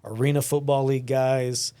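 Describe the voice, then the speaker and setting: A man from West Texas with a Texan accent, hosting a casual podcast chat and telling lively stories that act out what other people say. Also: mid-range voice, normal speed, smooth. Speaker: podcast host and gym owner.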